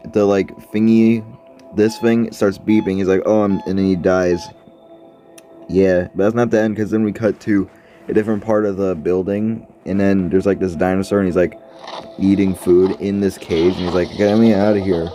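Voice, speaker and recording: Man, low voice, rambling game commentary, filler-heavy, faint music behind. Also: dark tone.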